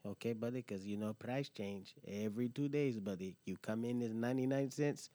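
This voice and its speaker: A man's voice: medium pitch, normal speed, warm tone, no echo, natural voice. A man putting on a brash, teasing male corner-store owner who talks in broken English and keeps calling people buddy.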